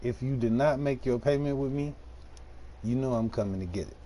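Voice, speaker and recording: A man's voice: mid-range voice, animated, normal speed, dark tone. A man from Detroit, casually chatting with viewers while playing a farming game on a live stream, slangy and laid-back. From Detroit, USA.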